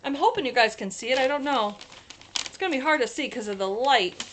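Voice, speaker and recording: Bright-voiced, chatty crafting host woman. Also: high voice, animated, fairly quick, slight background noise. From New York State. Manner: chatty, demonstrating crafts to camera. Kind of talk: casual livestream chat.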